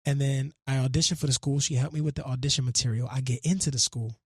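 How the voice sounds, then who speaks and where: A young man from Brooklyn tells a story in a radio studio. His voice is gravelly and a little husky, heard close and dry. He talks animatedly, slips into slang and acts out the people he quotes. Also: mid-range voice, steady tone, fast talker, no echo. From Brooklyn, New York. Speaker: musician and actor guest.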